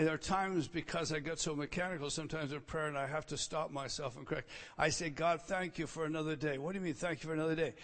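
Male preacher, higher-pitched voice, emphatic and repetitive in his sermon, long hall reverb. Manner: emphatic, repeats key words, swings between soft asides and loud stresses.

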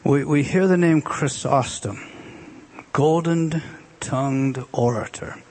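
A man preaching a sermon, explaining the meanings of words and swinging between emphatic raised passages and hushed, drawn-out repetitions. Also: a little high, slight background noise.

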